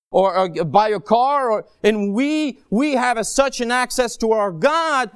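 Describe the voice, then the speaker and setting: Man, high voice, dry close sound, animated sermon, self-mocking jokes. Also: smooth, no echo. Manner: animated, swings between low asides and high emphatic cries; joking, self-deprecating asides. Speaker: guest preacher.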